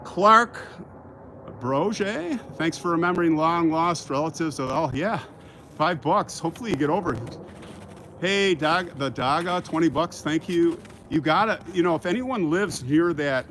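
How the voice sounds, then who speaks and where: A livestream host from Kansas strolls through a cemetery with his phone in hand, his voice slightly high and a bit bright. His casual talk meanders into a mock rant, broken up again and again by thanks to donors. Traffic hums faintly in the distance.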